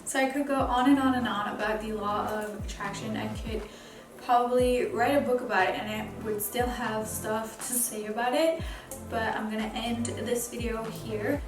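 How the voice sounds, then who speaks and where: Woman vlogger, earnest and encouraging, slightly high voice, distant mic in an echoey room. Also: steady tone, normal speed. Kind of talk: casual motivational vlog talk. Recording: roomy echo, distant mic, faint music.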